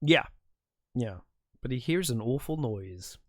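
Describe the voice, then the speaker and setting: A man's voice: mid-range voice, lively intonation, slow, dry recording, studio quality. A man co-hosting a film podcast, retelling the plot in casual chat with lots of ums and restarts. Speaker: podcast co-host.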